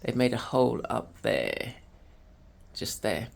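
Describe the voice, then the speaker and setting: A woman's voice: extremely low pitch, big pitch swings, slow, vocal fry. A woman hosting her own vlog, chatting loosely with many fillers as she walks from her home studio into the garden with a handheld camera. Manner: rambling, chatty, with many fillers and trailing thoughts. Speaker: host of an arts and wellness channel. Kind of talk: casual vlog chat.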